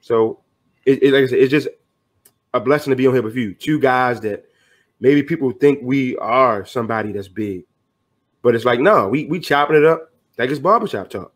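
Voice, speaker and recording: A man's voice: medium pitch, normal speed. A middle-aged man talking earnestly as a podcast guest, motivational and loose with slang. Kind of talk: casual podcast conversation.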